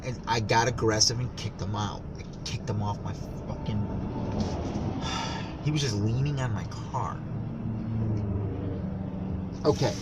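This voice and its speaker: A man vlogging outdoors by a road, talking in an agitated, conspiratorial way and swearing often. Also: medium pitch. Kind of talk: rambling outdoor vlog. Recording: loud outdoor traffic noise. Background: traffic and street ambience.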